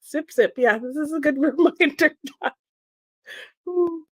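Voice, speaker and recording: A woman's voice: high-pitched, slow pace, no room sound. Giggly, sleepy woman chatting on a livestream. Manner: giggly, scattered, stumbles over words. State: sleepy, still waking up. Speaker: livestream host. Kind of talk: casual chat reading viewer comments.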